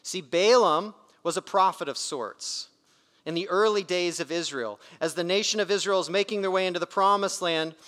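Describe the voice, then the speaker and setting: A man's voice: high voice, moderate pace, fairly bright tone. A man preaching a sermon in an emphatic, conversational way, his volume rising and dropping sharply. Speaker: pastor. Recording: reverberant hall.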